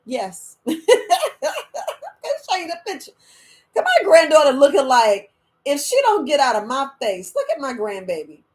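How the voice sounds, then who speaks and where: An older woman hosting a casual wellness chat, animated and dramatic, laughing often, with loose speech. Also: high-pitched, normal speed, pauses often. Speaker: wellness podcast host.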